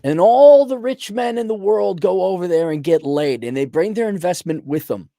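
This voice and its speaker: A man's voice: sits high, animated, normal speed, dark tone, no room sound. A man hosting a casual rant show, answering a viewer's letter in a blunt, profane, rambling way with lots of restarts. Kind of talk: casual ranting commentary.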